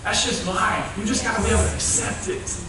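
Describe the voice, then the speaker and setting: High-voiced man preaching in an echoey church. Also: brisk, noisy background. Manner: animated, folksy storytelling with playful asides. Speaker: youth revival speaker. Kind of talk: youth sermon. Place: church sanctuary. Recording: distant echoey church recording.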